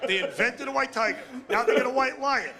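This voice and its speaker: Brash, gravelly man ranting on stage. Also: very high-pitched, a little fast, a crowd in the background. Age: middle-aged. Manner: brash, crude and ranting, with loud outbursts. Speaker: stand-up comedian. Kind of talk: stand-up comedy routine. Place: comedy stage before a live audience.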